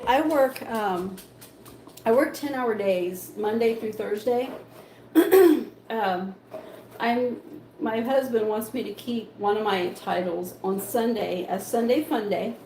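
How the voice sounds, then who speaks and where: A woman's voice: on the high side, darkish tone. A young woman hosting a home cooking livestream, chatting with lots of laughs and ums, with baby-talk praise for her dogs. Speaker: livestream host. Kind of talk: casual chat while cooking. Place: home kitchen. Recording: echoey kitchen with faint background noise.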